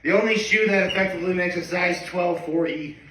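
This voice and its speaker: A man casually reading through a manga chapter and reacting as he goes, chatty and excitable. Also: high voice, echoey room, distant mic, slight background noise, poor audio. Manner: chatty, excitable, reads lines in quick voices.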